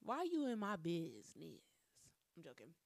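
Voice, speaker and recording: A woman telling a personal story straight to her viewers in a casual, animated way, swearing freely and breaking into loud exclamations. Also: lowish voice, moderate pace, vocal fry, dry recording, studio quality. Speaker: vlogger.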